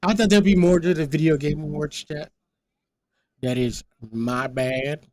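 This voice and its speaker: A man's voice: a little high, fairly even intonation, a little slow, a little mellow. A young adult man chatting casually with his stream audience, rambling and often repeating words.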